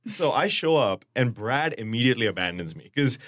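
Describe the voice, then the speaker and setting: A man in his twenties or thirties with a non-American accent, telling lively anecdotes as a podcast guest and acting out quoted lines. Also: mid-range voice, fairly quick, no room sound, clean studio sound. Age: 20s to 30s. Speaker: supporters group member, guest. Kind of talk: casual storytelling chat.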